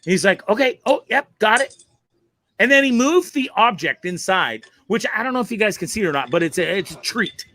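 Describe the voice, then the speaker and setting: A man's voice: sits high, very animated, brisk, few pauses, pushed and bright, dry recording, clean studio sound. A man hosting a live online show, casually commenting on viral videos in a profane, laughing, rambling way at a computer mic.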